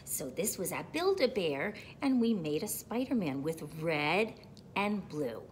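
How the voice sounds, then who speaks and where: A woman reads a picture book aloud to young children, unhurried and in a sing-song manner. Her pitch swoops up and down a lot, and she takes her time over every line. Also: slight background noise. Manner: slow, animated, sing-song reading. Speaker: storyteller reading aloud to children.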